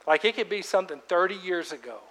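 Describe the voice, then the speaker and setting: A man preaching a sermon as pastor, emphatic, swinging between loud outbursts and hushed words. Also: high-pitched, animated, fast talker. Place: church sanctuary. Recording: long reverb of a large church hall.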